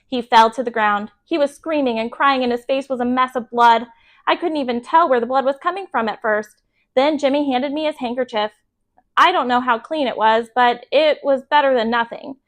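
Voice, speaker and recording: A woman reads a children's chapter book aloud as a bedtime story. Her voice sits high and her reading is calm and clear. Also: moderate pace.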